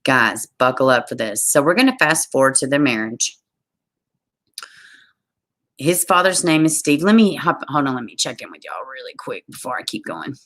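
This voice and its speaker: Very low-voiced tired Southern woman. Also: lively intonation, normal speed, a bit bright. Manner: reads a case aloud, trails off and greets viewers. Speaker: true crime livestream host. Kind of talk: reading aloud and chatting on a livestream.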